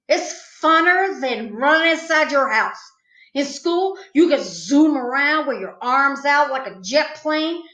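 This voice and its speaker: A woman's voice: on the high side, a bit bright. A woman reading a children's book aloud with a playful storytelling manner. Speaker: storytime reader. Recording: echoey room, slightly dull sound.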